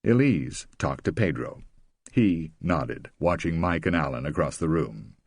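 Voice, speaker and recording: Male audiobook narrator, deep voice, lively pitch, husky, dry close studio sound. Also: unhurried, no echo. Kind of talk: scripted narration.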